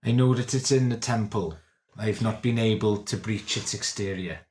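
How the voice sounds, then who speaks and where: A man voicing a solemn female merfolk protector with a Welsh accent and an unnaturally deep voice, speaking gravely. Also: moderate pace, darkish tone, natural voice.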